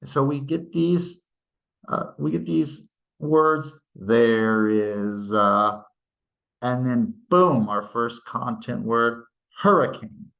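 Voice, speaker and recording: Slow-paced male grammar teacher. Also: medium pitch, expressive, vocal fry, a bit bright. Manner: slow, deliberate, explains with spoken examples. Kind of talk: grammar lecture.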